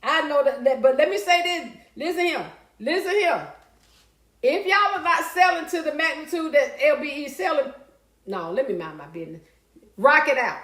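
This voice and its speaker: A lively woman, high and bright, chatting away on a live stream. Her voice rings around an echoey room as she reads comments aloud and answers them in a loose, excitable way. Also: normal speed. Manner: lively, chatty, breaks into song and laughter. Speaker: livestream host reading viewer comments. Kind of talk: casual live-stream chat.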